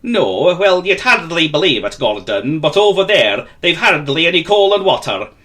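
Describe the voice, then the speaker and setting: A man's voice: a little high, sing-song, normal speed, pushed and bright, pitched above the performer's own voice. A man doing a hearty old express engine. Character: proud old male express engine, kindly big brother.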